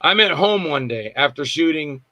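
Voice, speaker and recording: A man with a bright, slightly high voice, recorded dry and close. He rambles through anecdotes on a video call, acting out who said what. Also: animated, normal speed, no echo, poor audio. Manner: rambling anecdotes with acted-out quotes and laughs. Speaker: actor guest. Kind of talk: casual storytelling interview.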